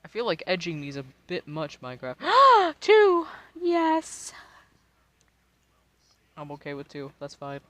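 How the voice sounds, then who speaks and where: A man's voice: high voice, wildly swooping pitch, slow pace, long pauses, sharp tone, no room sound. An American man in his twenties, tipsy and rambling in casual, profane chat while streaming a game, laughing often. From United States. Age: 20s.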